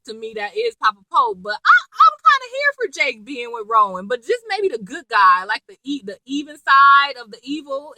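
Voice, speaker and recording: A young woman chatting casually as she recaps a TV episode, slangy and animated, acting out lines as she goes. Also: a little high, no echo, rough recording. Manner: chatty, slangy, animated retelling with quoted asides. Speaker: TV episode reviewer.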